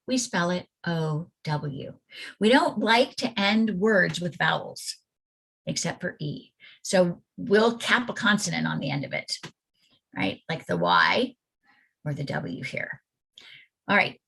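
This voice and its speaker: Woman teacher, unhurried pace, spells out letter sounds for parents over a video call. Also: medium pitch, expressive, vocal fry, husky. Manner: slow, deliberate, sounds out letters and vowel sounds. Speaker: reading teacher presenting to parents. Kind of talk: online parent workshop on phonics. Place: home or classroom at computer, presenting slides.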